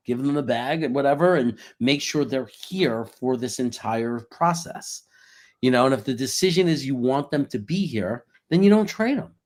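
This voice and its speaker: An animated man co-hosting a casual football talk show. He chuckles often and talks in long, run-on thoughts, at a mid-range pitch. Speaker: podcast co-host. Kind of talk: casual sports chat.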